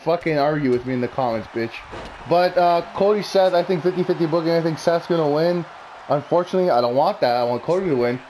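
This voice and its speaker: A man's voice: fairly high pitch, quick pace, a little mellow, slight background noise. A man talking casually and bluntly, rambling through opinionated predictions with plenty of swearing. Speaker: wrestling commentary vlogger.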